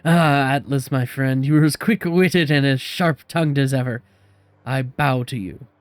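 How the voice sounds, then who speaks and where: A man's voice: on the high side, sing-song, moderate pace, dark tone, dry recording. A man voicing an enormous, mirthful male merchant who speaks in a hearty, grandly polite way. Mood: jovial.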